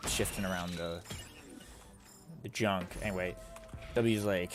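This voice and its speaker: Male streamer, low voice, rambling casual chat with heavy swearing, over loud game music. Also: animated, normal speed. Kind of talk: casual live-stream chat while gaming.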